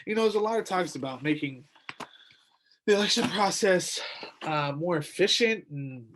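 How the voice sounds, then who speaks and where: A young man hosts a solo podcast in a high, expressive voice at a moderate pace, rambling and indignant as he offers casual commentary. He uses lots of fillers and restarts and says he is tired, with background noise behind him.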